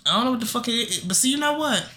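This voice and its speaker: A young woman co-hosting a podcast, chatting casually in a blunt, profane, animated way. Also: racing. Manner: blunt, profane and animated, with sudden pitch jumps. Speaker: podcast co-host. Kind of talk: casual chat.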